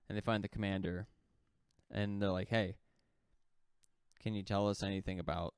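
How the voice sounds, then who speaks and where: Male podcast co-host, low smooth voice, loose casual storyteller who acts out his quotes. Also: a little mellow, no room sound. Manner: rambling, heavy use of "like" fillers; swearing, acts out quoted lines.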